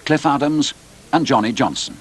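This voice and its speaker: A man reading the scripted narration of a documentary in a measured, formal way. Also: mid-range voice.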